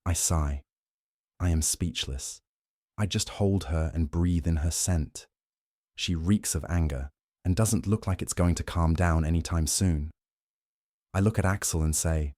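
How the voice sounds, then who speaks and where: A man narrating a first-person audiobook in a plain, steady storytelling manner. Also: sits low, measured pace, dry recording, studio quality.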